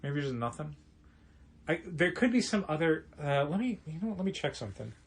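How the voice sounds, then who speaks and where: A man's voice: a little high, big pitch swings, brisk, vocal fry, slightly rough. A man co-hosting a comic shop podcast, talking in a chatty, rambling way with lots of restarts. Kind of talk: casual chat.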